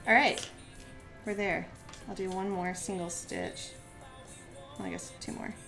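A woman's voice: mid-range voice, steady tone, measured pace, music in the background. A woman chatting casually while demonstrating a craft on a live stream, giggly and full of "like" fillers.

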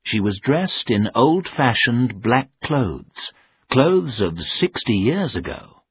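A man reading a graded-reader novel aloud as scripted narration, in a measured, plain storytelling manner. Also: medium pitch, very animated, a little hiss or hum. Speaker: audiobook reader. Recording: narrow phone-like sound.

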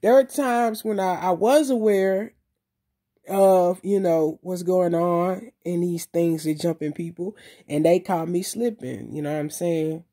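Mellow-voiced woman in a loose, swearing vlog. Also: lowish voice. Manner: loose, emphatic street talk with frequent swearing; repeats herself and pauses with fillers. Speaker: vlogger. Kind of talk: casual video monologue.

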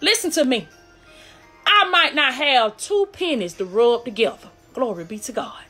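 A woman's voice: sits high, animated, normal speed, sharp tone, faint music behind. A woman preaching a fervent live-streamed sermon with a call-and-response cadence, repeating "glory be to God" between lines.

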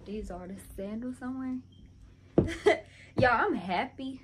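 A woman's voice: on the high side, expressive, slow pace. A young woman chatting to her viewers in a casual get-ready-with-me vlog, constantly calling them y'all. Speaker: vlogger. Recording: background noise with passing vehicles.

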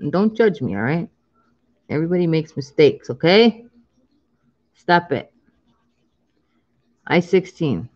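A woman's voice: deep voice, sing-song, slow, long pauses, darkish tone, dull audio. A woman in her thirties chatting casually on a live stream while scratching lottery tickets, drawing out the numbers she calls and laughing often.

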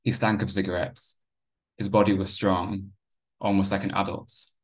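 A man reading his own novel aloud in a measured first-person narration. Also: low voice, little pitch movement.

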